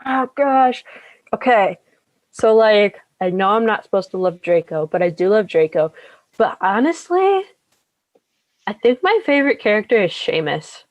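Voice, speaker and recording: A young woman co-hosts a podcast in a relaxed, chatty way, often pausing on ums and likes. Her voice sits at a middle pitch. The sound is dry and close, with no room around it. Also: no room sound. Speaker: podcast co-host. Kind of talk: casual chat.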